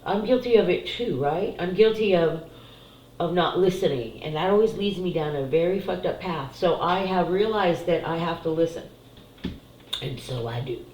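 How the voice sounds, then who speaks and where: A lowish, slightly mellow female voice at normal speed belongs to a middle-aged psychic giving card readings. She chats casually to camera about family and spiritual cards, frank and emotional, at times tearful and swearing freely. The recording is poor, with an echoey room and a bit of hiss or hum.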